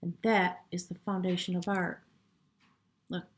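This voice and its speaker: A woman giving a spiritual tarot reading in a soft, reverent way, sometimes dropping to a hush and getting choked up. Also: on the low side, level tone, unhurried. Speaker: tarot reader.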